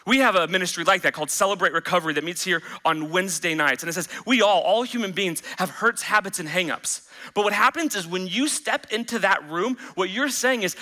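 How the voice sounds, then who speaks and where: A man preaching a sermon as pastor, animated, acting out the voices he quotes. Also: high voice, a little fast.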